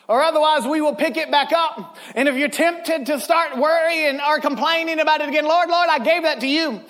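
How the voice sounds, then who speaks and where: A man preaching a sermon, telling stories with lively swings into loud shouts. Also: very high voice. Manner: animated storytelling, bursts into loud shouts. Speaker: pastor. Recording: long hall reverb.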